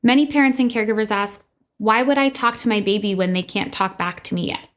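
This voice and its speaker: A woman speech-language pathologist giving a scripted educational presentation in an upbeat, clear manner. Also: medium pitch, brisk, a bit bright.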